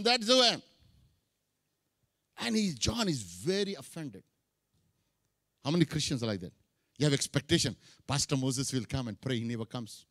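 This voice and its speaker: A man's voice: sits high, sing-song, normal speed, long pauses, sharp tone, no room sound, clean studio sound. A middle-aged man preaching a sermon, mixing English with Hindi phrases. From India. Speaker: pastor.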